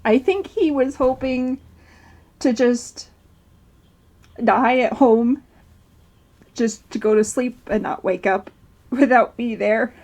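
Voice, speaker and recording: Vlogger, a woman, tearful, telling a personal story slowly with nervous laughter. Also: a little high, a little mellow. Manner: rambling with restarts, nervous laughter through grief.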